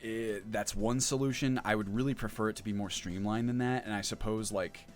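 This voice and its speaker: A man's voice: fairly low pitch, steady tone, a little fast, soft background music. A man running a casual livestream, chatting as he explains update details and answers chat, thinking aloud as he goes. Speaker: mod developer streaming.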